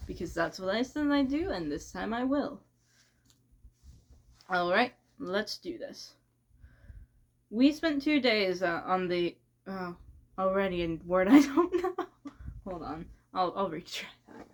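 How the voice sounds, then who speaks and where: A woman's voice: medium pitch, lively intonation, unhurried. Giggly woman reading a novel aloud. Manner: giggly and chatty, stumbles and restarts words. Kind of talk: casual read-aloud with chat.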